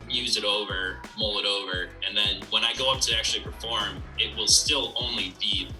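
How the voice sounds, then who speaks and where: Bright-voiced comic musing on his craft. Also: fairly low pitch, steady tone, normal speed, recorded from a distance, faint music behind, low-quality recording. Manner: rambling and reflective, many fillers. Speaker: comedian interviewee. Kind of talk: casual interview talk.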